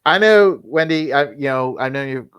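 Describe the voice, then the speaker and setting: A man in casual podcast chat who asks a sensitive question in a halting, careful way. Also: mid-range voice, animated, fairly bright tone, smooth, no echo, studio quality. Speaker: podcast co-host.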